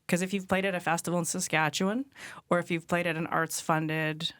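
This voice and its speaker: Woman, low-pitched, dry close sound, earnest panel talk. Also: steady tone, a bit bright, smooth, no echo. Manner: earnest, measured, many fillers. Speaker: artist and arts administrator. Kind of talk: panel discussion on a call.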